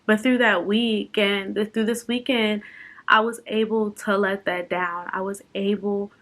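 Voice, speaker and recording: A woman's voice: mid-range voice, steady tone, unhurried, a bit bright. A young woman chatting unscripted in a personal vlog, open and emotional, laughing and fighting back tears at times. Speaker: vlogger.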